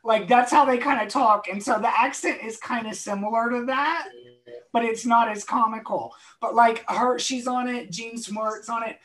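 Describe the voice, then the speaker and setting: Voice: mid-range voice, normal speed, fairly bright tone, rough recording. A speaker in a casual podcast chat, chatty and rambling.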